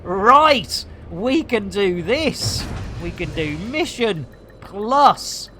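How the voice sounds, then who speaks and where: A woman's voice: mid-range voice, sing-song, very slow, sharp tone. An English woman with a voice in the middle of the range talks through her game on a live stream. Her chat is cheeky and sweary, full of British slang, and she keeps reading out and answering her viewers. A faint background noise runs under her voice. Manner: chatty, talks to viewers and reads chat aloud. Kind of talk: casual live-stream commentary.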